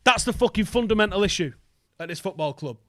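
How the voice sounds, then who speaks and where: Man, young adult, angry sweary fan rant, high voice, dry close sound. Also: lively intonation, quick pace, dry recording. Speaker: football fan channel host. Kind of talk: ranting fan review vlog.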